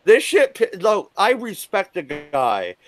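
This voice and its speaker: A man hosts a live stream from his desk at home, a little buzzed and worked up. He rants in an angry, profane way, his pitch swinging widely from high outbursts to low grumbles. The sound is dry and close. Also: wildly swooping pitch, takes it slowly, dry recording. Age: adult with children. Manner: angry, profane, swings between shouting and muttering. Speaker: livestream host.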